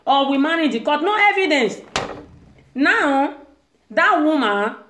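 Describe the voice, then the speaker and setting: A woman's voice: fairly high pitch, a bit bright, echoey room. A Nigerian-accented woman hosting her own online show, delivering an impassioned monologue from a house and acting out the voices she quotes. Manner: emphatic, acts out quoted voices, Nigerian Pidgin-tinged English. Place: room in a private house.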